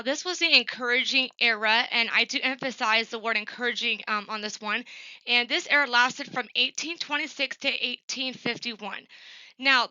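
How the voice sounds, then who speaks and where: A woman with a high, very bright voice presents a class assignment to her professor. Her delivery is plain and earnest, full of ums and uhs. The sound is dry and a little dull, as from a computer microphone in a small quiet room. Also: no room sound.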